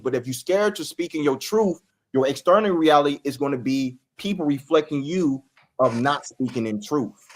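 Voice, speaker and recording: A man guest on a casual interview, calmly explaining his spiritual practice and DJing. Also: medium pitch, slight background noise.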